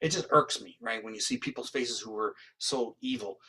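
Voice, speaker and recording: A man from Canada, a guest in an interview, telling a long story in a rambling, animated way and acting out what others said. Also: medium pitch, moderate pace, breathy edge. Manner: rambling, acts out quoted dialogue.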